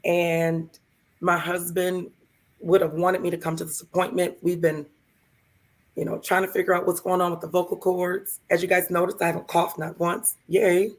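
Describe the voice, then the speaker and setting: A woman co-hosting a live show, telling a heartfelt personal story in a gravelly, hoarse voice and acting out the other people in it. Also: on the low side, little pitch movement, moderate pace. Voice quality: gravelly, hoarse from vocal cord lesions. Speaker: podcast co-host.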